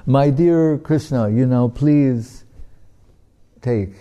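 A man's voice: mid-range voice, steady tone, slow, lightly acted. Man doing a pleading little devout boy. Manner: pleading, soft and tearful. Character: pious five-year-old boy, earnest and pleading.

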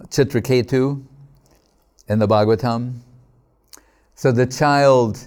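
Slow, mellow-voiced man giving a sermon. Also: mid-range voice. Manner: unhurried storytelling with scripture quotes and frequent "right?" checks. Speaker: speaker at a devotional gathering.

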